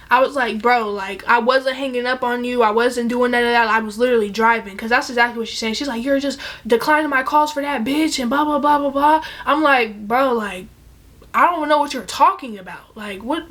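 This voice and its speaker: A young woman telling a casual storytime, animated and profane, acting out the other people's lines in bursts. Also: a little high.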